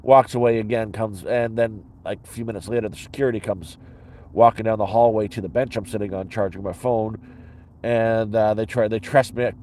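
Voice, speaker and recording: A man with a somewhat low voice talks straight to his audience in a loose, rambling way. He is blunt and swears freely, often stopping and restarting his sentences. He sounds like he is chatting casually from inside his sleeping bag. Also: warm tone, a little hiss or hum. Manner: blunt and profane, with many restarts. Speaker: vlogger. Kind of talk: casual rambling storytelling to camera.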